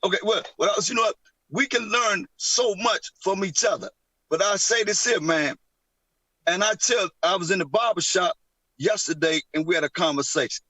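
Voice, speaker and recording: High, bright husky man in his fifties. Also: moderate pace, no room sound, rough recording. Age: 50s. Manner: animated, laughing, acts out his son's voice. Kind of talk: casual chat, storytelling.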